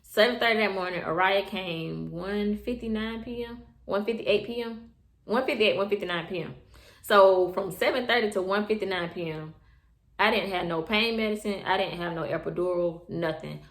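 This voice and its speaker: A woman's voice: mid-range voice, normal speed. A young woman casually telling viewers her birth story, chatty and repetitive, often calling them y'all. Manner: chatty, repeats herself, addresses viewers as y'all. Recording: echoey room.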